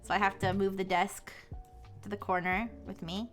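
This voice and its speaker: A woman's voice: mid-range voice, level tone, normal speed, faint music behind. A young woman VTuber chatting casually on a live stream, giggly and rambling. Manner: giggly, rambling, self-mocking.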